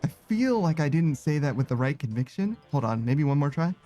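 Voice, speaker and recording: A man chats loosely with his stream viewers as he plays, his voice sitting a little high for a man. He rambles, second-guesses himself and breaks into laughter often. Faint music plays underneath. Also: very animated, fairly quick, mellow. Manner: giggly, rambling, self-conscious. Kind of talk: casual chat with viewers while gaming.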